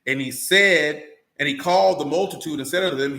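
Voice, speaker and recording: A man's voice: a little high, brisk, pushed and bright, reverberant. A man preaching a sermon in a blunt, colloquial way, full of rhetorical questions.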